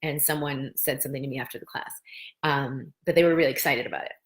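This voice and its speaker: A middle-aged woman hosting and teaching a guided tapping lesson, chatty and gentle, slowing down for phrases to repeat. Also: rumbling low, fairly even intonation. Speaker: host, medical practitioner teaching tapping.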